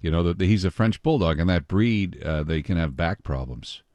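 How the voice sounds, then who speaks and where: A man hosts a morning radio show in a very low voice. He chats in a loose, rambling way and reads out weather and news items. His voice is close-miked and dry. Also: animated, normal speed, a little mellow, no echo. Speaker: radio host. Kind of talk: casual morning radio chat.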